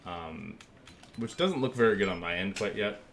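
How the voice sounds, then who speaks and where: A man's voice: low-pitched, animated, moderate pace, creaky, fairly bright tone, slight background noise. A man streaming casually, rambling with lots of fillers as he thinks aloud and thanks viewers while he works. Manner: rambling, filler-heavy, easygoing. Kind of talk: casual live-stream chat.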